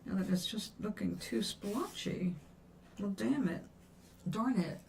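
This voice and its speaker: A woman's voice: mid-range voice, unhurried, vocal fry, darkish tone, a little hiss or hum. An older woman chatting casually on a livestream as she paints, musing aloud and answering viewers' questions. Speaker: livestream host. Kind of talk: casual chat while painting.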